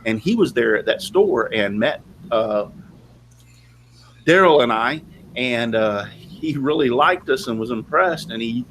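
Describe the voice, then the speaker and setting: This Southern man runs a casual live video chat in a mid-range, fairly bright voice with lively intonation, taking his time. He rambles and chats, leaning on lots of fillers. The recording is rough, with slight background noise.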